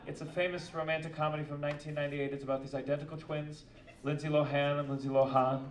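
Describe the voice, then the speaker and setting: A man's voice: on the high side, flat delivery, quick pace, distant mic, a little hiss or hum. A male stand-up comedian doing crowd work, teasing and profane, laughing as he talks. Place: comedy club stage. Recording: echoey club, audience laughter.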